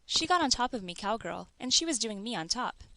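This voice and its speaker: A woman voicing a distraught, tearful grown man in an audiobook, read in a flat, even way. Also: a little high, a little fast, full character voice.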